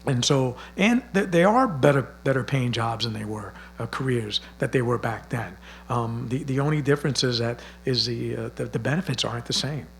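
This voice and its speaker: Halting sheriff at a public panel. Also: male voice, mid-range voice, creaky, slight background noise. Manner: halting, many fillers and restarts. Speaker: county sheriff. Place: library community event.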